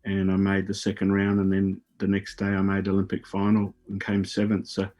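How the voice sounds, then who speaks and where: A man's voice: low voice, completely flat delivery, a little fast, darkish tone. A middle-aged Australian man, a radio guest, telling rambling stories with repeated words and casual swearing. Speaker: guest, former Olympic hurdler. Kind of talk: casual storytelling on a radio show.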